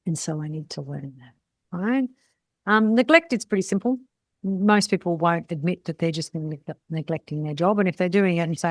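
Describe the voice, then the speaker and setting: A woman's voice: fairly low pitch, normal speed, dry recording. A middle-aged woman, coaching salon owners in a blunt, chatty way and often tagging her points with "right?". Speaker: salon business mentor. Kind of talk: casual coaching talk.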